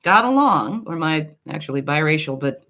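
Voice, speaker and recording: A woman from Brooklyn telling a personal story in a casual, digressive monologue, with quick asides to the viewer. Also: deep voice. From Brooklyn, New York. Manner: animated, swings her voice widely. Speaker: commentary channel host.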